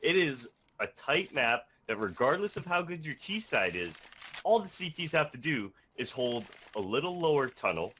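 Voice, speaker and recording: A man's voice: mid-range voice, sing-song, moderate pace, fairly bright tone, a little hiss or hum. A man commentating an esports match, passionate and opinionated.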